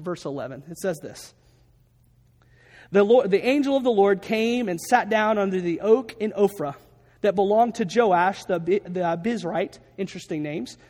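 Long reverb surrounds this pastor as he preaches, storytelling and acting out the voices of those in his tale. His voice sits high and sounds a little mellow.

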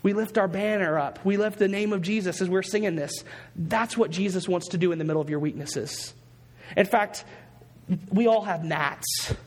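A male pastor delivers an earnest sermon, repeating his key phrases for emphasis. His voice sits high for a man. The sound rings with the long reverb of a church sanctuary. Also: moderate pace.

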